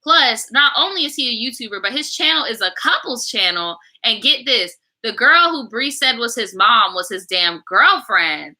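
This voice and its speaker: A woman's voice: a little high, lively intonation, normal speed, few pauses, pushed and bright, poor audio. A woman hosting a storytime channel, reacting to a viewer's story in blunt, slangy, profane casual chat. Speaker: storytime YouTuber reading viewer stories.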